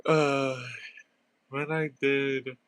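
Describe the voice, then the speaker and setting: A man's voice: mid-range voice, little pitch movement, very slow, fairly bright tone, smooth, dry recording. Stuffy-nosed young man rambling over a game. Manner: rambling, filler-heavy, giggly. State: stuffy nose. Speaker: gaming streamer. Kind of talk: casual gameplay commentary.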